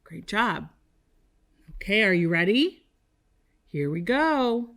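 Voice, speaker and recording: Casting: woman kindergarten teacher, very animated pitch, slow deliberate pacing, sing-song repeat-after-me delivery. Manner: slow, sing-song call-and-response with young children. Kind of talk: televised classroom lesson.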